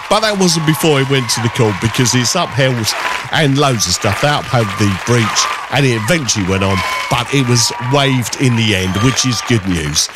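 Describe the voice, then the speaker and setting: A man's voice: medium pitch, heavy background noise. A male radio host telling a story in casual, chatty talk, with a sing-song delivery and playful put-on voices.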